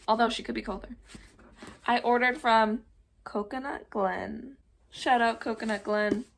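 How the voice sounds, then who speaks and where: A young adult woman telling a story in a casual vlog, animated and swearing, laughing as she goes. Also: on the high side, unhurried, gravelly. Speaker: vlogger.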